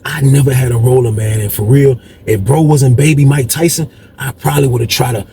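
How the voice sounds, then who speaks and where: A man spinning a casual personal story for his viewers, slangy and animated, turning to them with "y'all". His voice sits at an ordinary pitch, with faint noise in the background. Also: a little fast.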